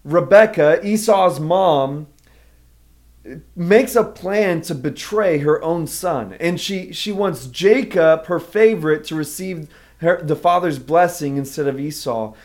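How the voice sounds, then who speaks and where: A pastor preaching a sermon in an earnest, emphatic way. His voice sits a touch higher than most men's. He walks his listeners through a Bible story. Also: slow, darkish tone. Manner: earnest, emphatic teaching, explaining a Bible passage.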